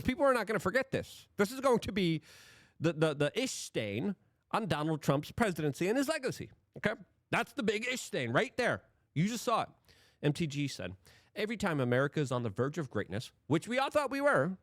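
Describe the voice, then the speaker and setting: A man's voice: a little high, big pitch swings, a little fast, dry recording, studio quality. A man hosting political commentary, talking emphatically and firing off rhetorical questions.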